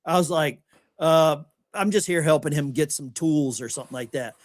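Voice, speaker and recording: A man's voice: a little high, moderate pace, no room sound. A middle-aged American man telling anecdotes in casual podcast chat and acting out the people he quotes. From United States. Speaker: podcast host.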